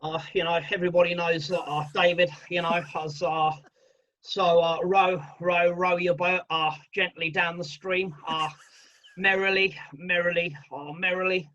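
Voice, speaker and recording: A soft-spoken, hesitant footballer, as a man mimics him. He stumbles along, packing his words with fillers. The recording is dull and lo-fi. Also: high voice, flat delivery, moderate pace.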